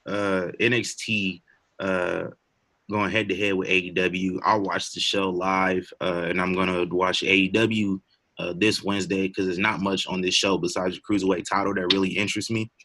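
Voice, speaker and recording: A young man co-hosts a podcast of casual wrestling chat, his low voice level, bright, and forceful at normal speed. He rambles loosely, with plenty of fillers and laughter.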